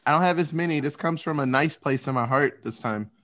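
A man co-hosting a podcast chats casually, rambling and acting out quotes with animation. His voice sits on the high side and moves a little fast.

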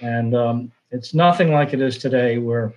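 An older sportswriter, telling rambling anecdotes full of fillers and restarts. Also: male voice, mid-range voice, normal speed, a little mellow, low-quality recording. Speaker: sportswriter guest. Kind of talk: casual storytelling.

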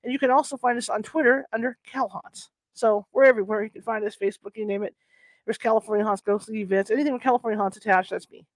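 A woman hosting a channel, reading a historical book aloud with chatty asides and halting over old wording. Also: on the high side, steady tone, dry recording. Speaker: host of a paranormal reading channel.

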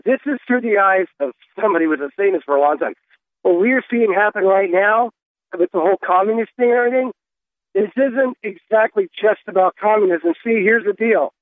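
A man's voice: high-pitched, no room sound. A man in his fifties, a truck driver calling in to a radio show, speaking in an earnest, fervent and preachy way. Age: 50s. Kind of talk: call-in radio talk. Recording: tinny phone line.

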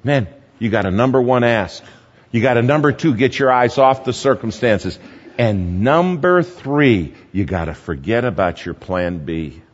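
A man's voice: mid-range voice, lively intonation, a little slow. A man preaching a sermon, telling stories with animation and repeating his numbered points. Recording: dull lo-fi sound with long hall reverb.

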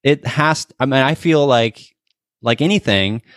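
A man's voice: medium pitch, unhurried, a bit bright, no room sound, studio quality. A man of forty hosting a casual interview, talking earnestly with frequent restarts and fillers. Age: 40s. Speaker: podcast host.

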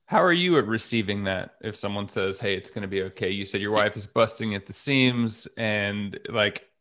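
A man's voice: lowish voice, moderate pace, fairly bright tone. A young man co-hosting a podcast, talking in an easygoing, rambling way with lots of fillers. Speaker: podcast co-host. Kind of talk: casual chat.

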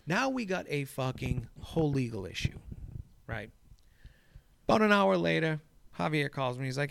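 A man's voice: on the high side, animated, normal speed, gravelly, no echo. A man, a golf course crew boss, telling a story in casual chat, swearing freely and acting out the quoted dialogue. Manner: profane, acts out quoted dialogue.

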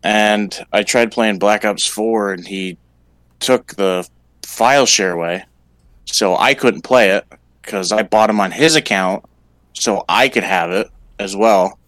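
A man's voice: fairly low pitch, a little slow, a bit bright, no echo, low-quality recording. A man who streams games, telling a grievance bluntly in casual chat with frequent swearing.

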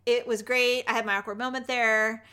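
A woman's voice: a little high, fairly quick, smooth. A woman in her forties co-hosting a podcast, telling stories in casual chat and acting out the voices of people she quotes. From Northern California. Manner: animated storyteller, acts out quoted voices. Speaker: podcast co-host.

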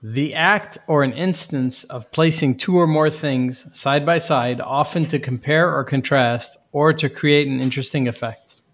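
A man's voice: a little high, unhurried, a bit bright. A man co-hosting a casual podcast chat with a dry, offhand manner.

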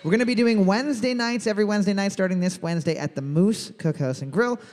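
A man running a pub trivia night over a PA, his fairly high voice ringing out with a long echo through a big brewery room. He cracks crude jokes between questions and repeats every question slowly. Loud, playful and a little profane. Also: a little hiss or hum. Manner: loud, jokey, profane, reads questions twice. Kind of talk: live trivia hosting with crude banter. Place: large brewery room with live crowd.

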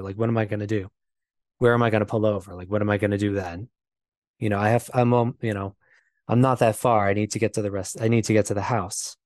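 A low-pitched man talks through a painful memory as an interview guest. His speech is halting and full of fillers and restarts. The sound is close and dry, with no room to it. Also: no echo. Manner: halting, repeats himself, many fillers. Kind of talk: personal storytelling.

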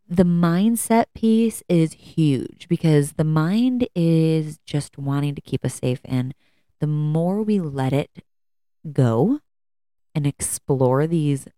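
A woman's voice: low-pitched, dark tone, dry recording, studio quality. A woman in her thirties hosting a casual solo podcast, talking in a rambling, conversational way with frequent fillers. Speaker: podcast host.

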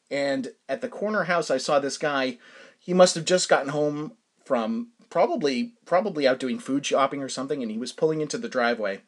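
A man hosting a podcast, telling a story in a casual chatty way, laughing often and stumbling over fillers and restarts. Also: fairly high pitch. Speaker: podcast host.

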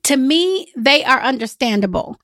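A woman hosting a travel podcast in a lively, emphatic, chatty way. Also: high-pitched, moderate pace, no room sound, clean studio sound. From United States. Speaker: podcast host and travel agent. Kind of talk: solo podcast talk.

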